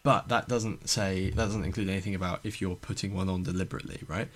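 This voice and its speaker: Man, podcast host, casual rambling chat, swears, low voice. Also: steady tone, fast talker, a bit bright. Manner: rambling, swearing, many restarts.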